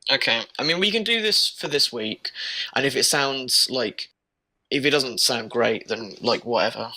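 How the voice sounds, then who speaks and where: Young man, podcast co-host, gravelly, bright, hesitant casual chat. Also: mid-range voice, expressive, normal speed, rough recording. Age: young adult. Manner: laid-back, hesitant, trails off. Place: remote call from abroad.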